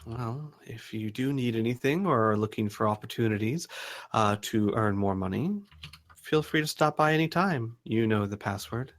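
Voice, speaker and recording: A man voicing a shrewd businesswoman who deals in shady goods, speaking in a cool, measured, bargaining way. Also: medium pitch, natural voice. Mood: gracious. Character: shrewd middle-aged businesswoman fence, smooth-talking.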